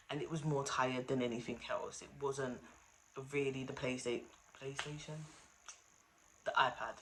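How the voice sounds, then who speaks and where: A woman's voice: rumbling low, steady tone, a little slow, a little hiss or hum. A woman hosting her own vlog, talking in a candid, rambling, self-deprecating way and sounding weary. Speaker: vlog host. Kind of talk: casual confessional chat.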